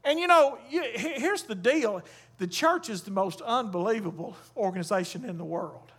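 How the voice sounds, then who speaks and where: A man's voice: sits high, lively intonation, moderate pace, husky. A man preaching a sermon as a Baptist pastor, emphatic and calling on the congregation to answer back. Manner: emphatic preaching with call-and-response.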